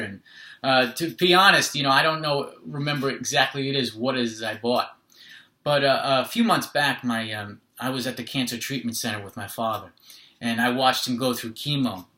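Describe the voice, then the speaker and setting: A man's voice: medium pitch, sharp tone, roomy sound. A man telling a personal story in an earnest, conversational way, often adding "literally" and "right?".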